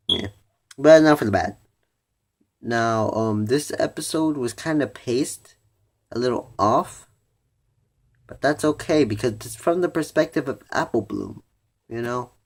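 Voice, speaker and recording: A teenage boy at a middle pitch talks casually through his thoughts in a review. He leans on "you know" and "like" throughout and often breaks off to restart a sentence. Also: normal speed, pauses often. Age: teens. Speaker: vlogger reviewing a cartoon episode.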